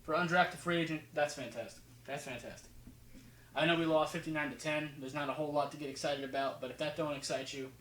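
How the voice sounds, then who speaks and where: A man's voice: on the high side, steady tone, fast talker, fairly bright tone, echoey room, slight background noise, poor audio. Casual rambling man with slight New Jersey accent. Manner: rambling, casual, fillers and restarts. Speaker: football film breakdown host. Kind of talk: casual commentary over game film.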